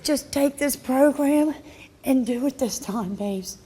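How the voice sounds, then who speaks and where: Middle-aged mother, talk show guest, pleading and emotional, on the higher side, soft and hushed at times. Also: slow pace, a little hiss or hum.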